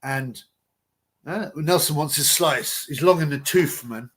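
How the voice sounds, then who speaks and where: A man's voice: on the high side, measured pace, a bit bright, husky. A man hosting a casual live boxing chat, rambling and blunt with slang. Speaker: livestream host.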